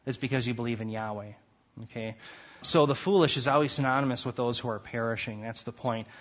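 A man's voice: medium pitch, a bit bright, dull audio. A man teaching a lecture class on scripture, reading verses aloud with rising force and emphasis. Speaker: Bible teacher.

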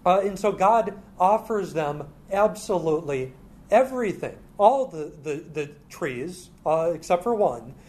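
A man teaching through a Bible passage in a halting way, with many filler sounds. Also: sits high, lively intonation, darkish tone.

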